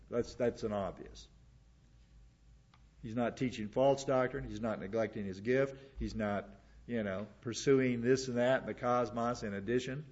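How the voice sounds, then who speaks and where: Pastor guy preaching, says things twice for emphasis, mid pitch, kinda lo-fi sound. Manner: repeats words for emphasis, drops to low asides. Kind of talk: sermon.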